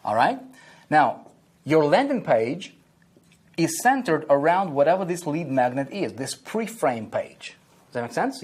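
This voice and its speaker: A man's voice: medium pitch, a little mellow, breathy edge. A man teaching online marketing at a whiteboard, repeating key phrases and checking in with "okay?" and "right?" after nearly every point.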